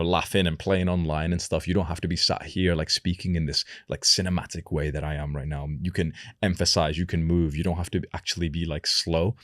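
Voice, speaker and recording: A young man with an extremely deep, low voice teaches to camera. He talks slowly and deliberately and lets his pitch sink at the end of each sentence. The sound is close and completely dry, with no room echo. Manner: slow, deliberate delivery dropping pitch at sentence ends. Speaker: self-improvement coach. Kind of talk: instructional talk to camera.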